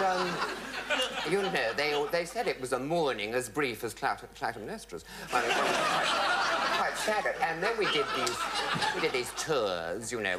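A man's voice: mid-range voice, heavy background noise. Flamboyant man telling stage anecdotes. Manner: flamboyant, mimicking voices. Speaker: comic raconteur.

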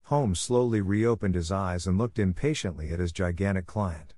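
A man narrating an audiobook in a measured, even storytelling manner. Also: low voice.

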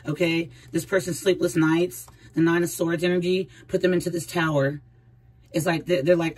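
A woman's voice: low voice, fairly even intonation, moderate pace, darkish tone, husky, rough recording. A woman giving a casual tarot reading, chatty and speaking straight to the viewer with frequent laughs. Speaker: tarot reader.

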